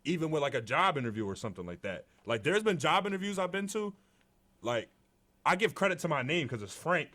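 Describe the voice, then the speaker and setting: Young male podcast co-host, deep voice, laid-back chat. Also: brisk. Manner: relaxed, conversational, many fillers. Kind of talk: casual chat.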